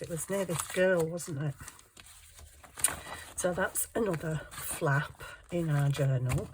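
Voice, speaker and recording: A woman's voice: low-pitched, a little mellow, a little hiss or hum, poor audio. A woman chatting casually while making a junk journal at home, self-deprecating and talking to herself as she works. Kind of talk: casual craft tutorial chat.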